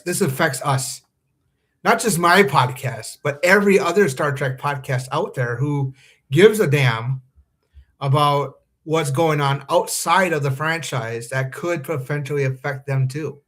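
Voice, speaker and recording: Hosting a live-streamed fan podcast, a man delivers a commentary monologue in an earnest, anxious way, full of ums and false starts. His voice sits on the high side and sounds a bit bright, and he takes his time.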